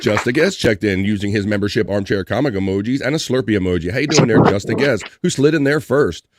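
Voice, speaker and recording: A man hosting a casual live stream, reading out viewer comments with upbeat shout-outs. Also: lowish voice, fast, a little hiss or hum.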